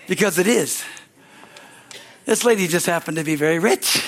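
A man's voice: fairly high pitch, moderate pace, pauses often, a bit bright. A male pastor preaching a sermon at a church service, exuberant and calling out hallelujahs.

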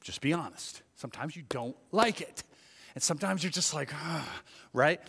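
Pastor, man, slightly high voice, lively conversational sermon delivery, church hall with a long echo. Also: moderate pace, vocal fry, breathy edge. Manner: conversational, animated, acts out inner thoughts.

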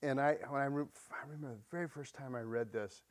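A man's voice: mid-range voice, fast. A man preaching a conversational sermon, retelling scripture stories in an everyday way and putting questions to his listeners. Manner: chatty, asks the congregation questions, retells scripture.

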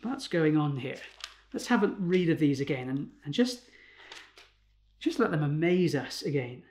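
A man's voice: fairly high pitch, animated, a little slow, darkish tone. A man preaching a sermon in a conversational way, often asking rhetorical questions and ending points with tag questions.

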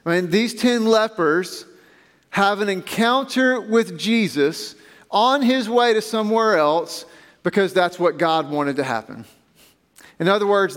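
A man preaching a sermon as a pastor, reading scripture aloud and then explaining it with emphatic pauses. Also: high-pitched, long reverb tail.

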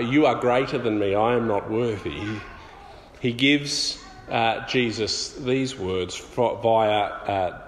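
A man delivers a sermon in an easy, conversational tone, often stopping on filler sounds as he explains. His voice sits at a middle pitch. It rings through a large reverberant hall over a faint room hum. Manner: conversational, many filler pauses. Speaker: preacher. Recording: echoey hall, faint ambience.

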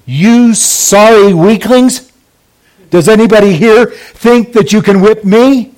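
Guy putting on a loud bullying drill sergeant, taunting, pitched way up high. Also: takes it slowly, rough recording. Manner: yelling, taunting.

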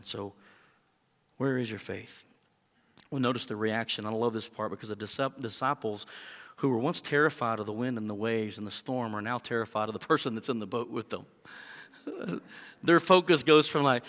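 A man preaching a sermon as a pastor, acting out prayers and dialogue in an animated way. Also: normal speed, long reverb tail. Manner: animated, acts out prayers and dialogue with rising pitch.

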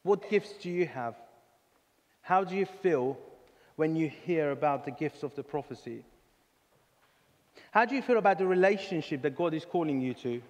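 A man preaching a sermon in a church hall, earnest and halting, often restarting his words. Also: a little high, animated. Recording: reverberant church hall with soft music.

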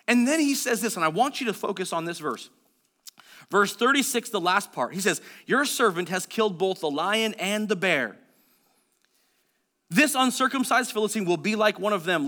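Animated high-voiced male pastor preaching. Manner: animated, acts out the people in the story in quick voices; drops to a low, quiet voice for asides. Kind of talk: sermon.

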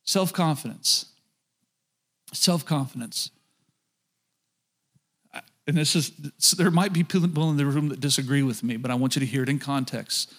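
A man's voice: mid-range voice, fairly even intonation, fast, hardly any pauses. A middle-aged man preaching a sermon as pastor, talking straight to his congregation and often asking them questions.

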